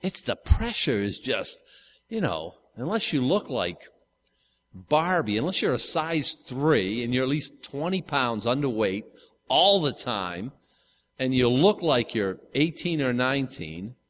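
Fifties male pastor, chatty rambling sermon delivery, mid-pitched, long hall reverb. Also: sing-song, measured pace, a bit bright. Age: 50s. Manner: casual, rambling, with frequent restarts and asides. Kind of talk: conversational sermon.

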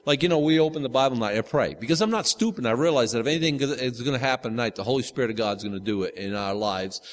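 Fifties male pastor, chatty rambling sermon delivery, mid-pitched, long hall reverb. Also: quick pace. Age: 50s. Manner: casual, rambling, with frequent restarts and asides. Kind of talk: conversational sermon.

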